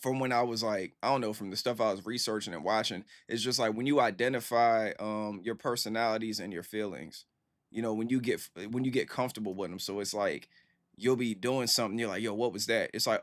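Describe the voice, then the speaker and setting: A man's voice: lowish voice, brisk, no room sound, studio quality. A man hosting a music reaction video, chatting casually and rambling with lots of filler phrases. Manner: rambling, conversational, lots of "you know what I'm saying".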